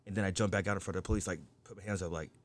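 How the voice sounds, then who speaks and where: A man with a low voice tells a rambling story in casual conversation. He swears freely and leans on "you know" and "like" as he talks. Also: fairly even intonation, racing. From United States. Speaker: storyteller in a group chat. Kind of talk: casual chat.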